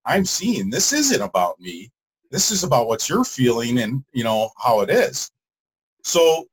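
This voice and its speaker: Man caller with a slightly raised voice, halting and rambling. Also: a little high, poor audio. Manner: rambling, halting with many fillers. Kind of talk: casual storytelling.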